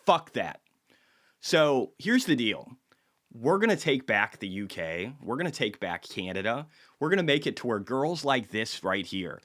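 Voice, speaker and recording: A man's voice: medium pitch, sing-song, moderate pace, fairly bright tone. Blunt, profane man talking markets. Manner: blunt and profane, apologizes for tangents. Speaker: market commentary host. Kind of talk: casual market commentary vlog.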